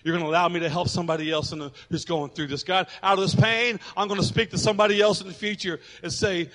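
A man preaching a sermon as a pastor, emphatic and swinging between loud and hushed, in an echoey hall. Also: high voice, fairly quick.

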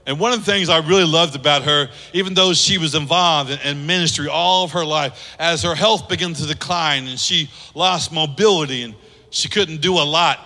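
Bright, high-voiced male pastor preaching. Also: normal speed. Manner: acts out quoted voices, asks the congregation to respond. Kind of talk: sermon. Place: church sanctuary. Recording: long church hall reverb.

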